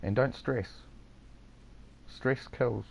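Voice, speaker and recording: A man's voice: medium pitch, extremely slow, vocal fry, darkish tone, a little hiss or hum, low-quality recording. A man with a New Zealand accent chatting casually over game voice chat, handing out easygoing advice and calling people mate. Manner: laid-back, advice-giving, says "mate" a lot. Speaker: gamer chatting with other players.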